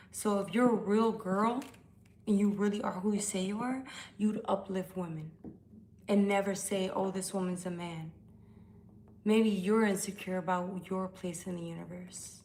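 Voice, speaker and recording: A tipsy woman hosts a tarot live stream from home, blunt and profane in her talk. Her voice has a gravelly fry to it. A faint hiss sits under the recording. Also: mid-range voice, steady tone, normal speed, darkish tone. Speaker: tarot reader. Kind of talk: casual live-stream chat.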